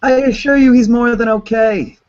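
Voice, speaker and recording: A man's voice: very high voice, steady tone, normal speed, a little mellow. A man talking in a casual, joking way during a video call, telling stories and acting out the people in them. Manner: joking, acts out others' voices in his stories. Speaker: channeler. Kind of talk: casual chat. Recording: dull lo-fi video call audio.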